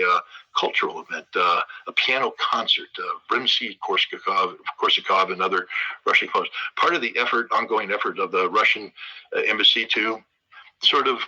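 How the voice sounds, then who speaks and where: A man's voice: on the low side, bright, forceful tone, slightly rough, highs cut off. A man hosting a show, delivering impassioned political commentary and hammering his points by repeating them.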